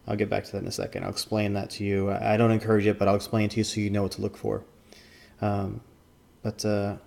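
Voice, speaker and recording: A man's voice: lowish voice, creaky, a little mellow. A man and former card tournament judge giving casual commentary, rambling with lots of fillers and restarts.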